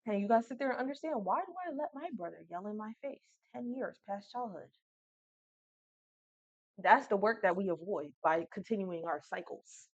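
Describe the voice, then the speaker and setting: A woman's voice: medium pitch, normal speed, no echo, lo-fi sound. Blunt, swearing woman reader. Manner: blunt, profane, animated. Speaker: tarot reader. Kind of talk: casual spoken reading.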